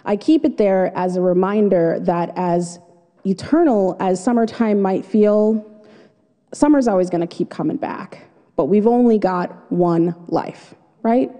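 Woman telling a story live on stage, dramatic and vivid, mellow voice, big echoing hall. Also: medium pitch, unhurried. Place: stage before an audience. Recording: long hall reverb.

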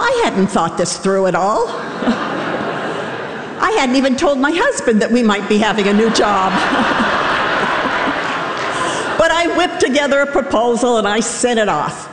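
A middle-aged woman tells a wry, self-mocking story live from a stage. Her voice rings out in a roomy hall with a long reverb tail. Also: on the high side. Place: theater stage before a live audience.

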